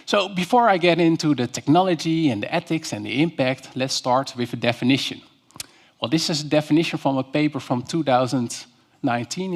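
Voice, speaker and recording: A man gives a keynote presentation in a university lecture hall, telling stories and putting questions to the audience. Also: a little high. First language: Dutch. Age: 30s. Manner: storytelling, engaging the audience with questions. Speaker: keynote speaker.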